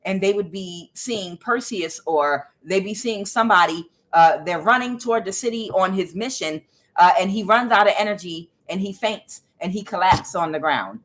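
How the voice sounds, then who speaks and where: A woman's voice: mid-range voice, moderate pace. A woman tarot reader giving a casual, emphatic spiritual reading, preachy and blunt, with some swearing.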